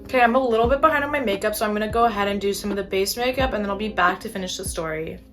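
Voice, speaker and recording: A woman's voice: medium pitch, rapid-fire, soft background music. A young woman chatting casually while doing her makeup, telling an exasperated story with casual swearing. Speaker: beauty vlogger.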